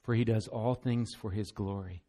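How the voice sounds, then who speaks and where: A man's voice: fairly low pitch, steady tone, moderate pace, warm tone. A man preaching a sermon as pastor, earnest and emphatic, often repeating words as he goes.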